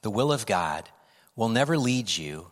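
A man preaching a sermon, animated, acting out quoted pleas and laughing often between points. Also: fairly low pitch, a little slow, big-room sound. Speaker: pastor.

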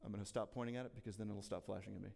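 A man's voice: on the low side, steady tone, rapid-fire, creaky, a little mellow. A man teaching a church Bible class in a casual, chatty way, asking the room questions. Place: church hall. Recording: long reverb in a church hall.

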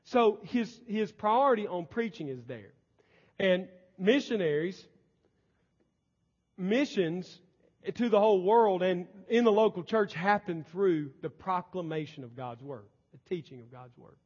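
A man preaching a sermon in a high voice, pressing his points hard and then dropping his volume low. The sound is dull and lo-fi, with a long reverb trailing through the church sanctuary. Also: expressive, a little slow, breathy edge. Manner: emphatic preaching, swinging between loud and soft. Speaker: pastor.

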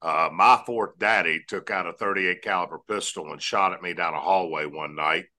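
Man, low voice with a forceful edge, earnest guest storyteller. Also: fairly even intonation, normal speed. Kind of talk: storytelling interview answer.

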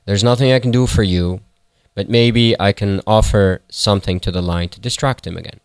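A man's voice: on the low side, moderate pace, clear, resonant tone, dry recording, natural voice. A man voicing a second male shepherd in a folktale, who speaks in an earnest, reassuring way. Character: second shepherd, male, helpless but helpful.

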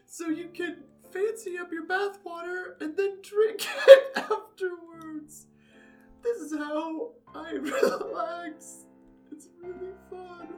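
A bubbly, giggly woman hosts a mock commercial for a bath product, as a man puts on a piercing falsetto. She drawls her lines slowly and sounds distant from the mic, with music playing behind. Her breathy giggle keeps breaking into the pitch. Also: steady tone. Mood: giddy. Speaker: ad presenter. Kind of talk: parody commercial.

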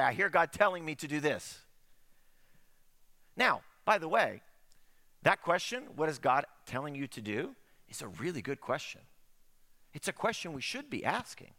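A middle-aged man delivers a sermon in a bright, high voice. He talks to the congregation in a conversational way and asks them rhetorical questions. His pitch swings widely as he speaks. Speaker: pastor.

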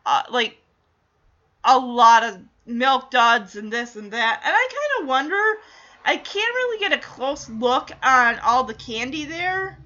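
High, animated chatty woman. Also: unhurried, dull audio. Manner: chatty, wry, acts out characters' lines. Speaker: reaction video host. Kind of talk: casual reaction commentary.

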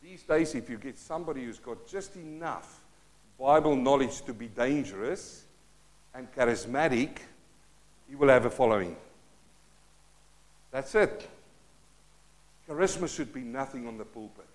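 Animated and measured, pausing often, this South African pastor in his fifties delivers a fervent sermon in a mid-range voice, shifting from booming proclamations to quiet asides.

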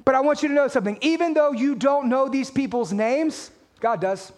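A man preaching a sermon as pastor, energetic and conversational, asking the congregation questions and reading scripture aloud. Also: extremely high pitch, normal speed.

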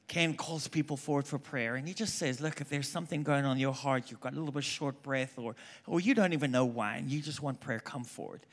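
A man preaching at a conference, telling stories animatedly and voicing the people he quotes. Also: medium pitch. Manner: animated storyteller, quoting people in hushed voices. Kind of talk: conference sermon with storytelling.

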